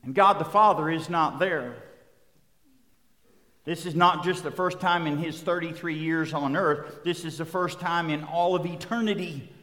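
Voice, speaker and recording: A man preaching a sermon, building emphatic repeated refrains that rise toward loud peaks. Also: fairly high pitch, measured pace, in a large hall. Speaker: pastor.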